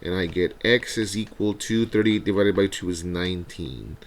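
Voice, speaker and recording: A man teaching a recorded math review lesson. He talks through each step out loud and often checks in with a quick "right?". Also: low-pitched.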